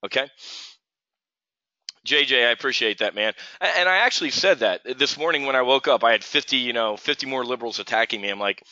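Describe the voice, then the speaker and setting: Fairly quick and sharp in tone, a medium-pitched middle-aged man hosts a live trading show with a heated, casual rant full of restarts. There's no room sound in the dull, dry lo-fi stream recording.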